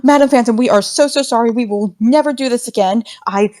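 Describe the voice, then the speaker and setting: A woman doing a flustered young ghost, high and pleading. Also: brisk, a little mellow, close to an everyday voice. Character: nervous young ghost performer, apologetic.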